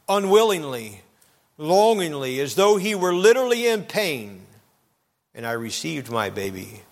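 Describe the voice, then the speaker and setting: A man preaching a sermon, telling a story dramatically and swinging between loud and hushed moments. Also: high voice, expressive, normal speed, long reverb tail. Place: church.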